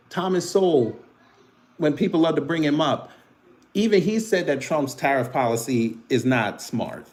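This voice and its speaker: Man streaming live, mocking chat in a loose, taunting tone, mid-pitched voice. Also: big pitch swings, normal speed. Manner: taunting, teasing banter with laughs. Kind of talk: casual live-stream commentary answering chat.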